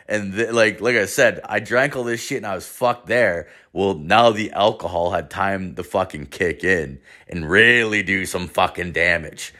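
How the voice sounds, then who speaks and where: Brief: young man, lowish voice, rambling profane storyteller. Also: moderate pace, pushed and bright. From Canada. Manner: profane, rambling, filler-heavy. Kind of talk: casual storytelling.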